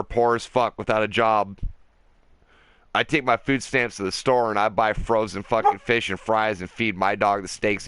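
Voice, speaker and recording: A man's voice: on the low side, a bit bright, smooth, no echo. A man ranting with profanity and passion while livestreaming a game from inside a camper, talking into a desk mic. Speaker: livestreaming gamer. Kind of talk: ranting live gaming commentary. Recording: noisy home stream audio.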